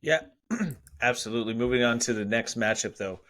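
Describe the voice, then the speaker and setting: Man, mid pitch, bright tense tone, easygoing podcast co-host. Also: moderate pace. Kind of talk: casual fantasy football chat.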